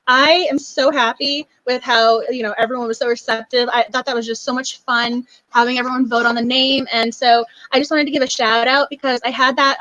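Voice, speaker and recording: High-voiced bubbly woman host. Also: bright, forceful tone, no room sound, poor audio. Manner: bubbly, gushing, laughs often. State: emotional, near tears. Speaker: book club host. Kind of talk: casual live stream chat.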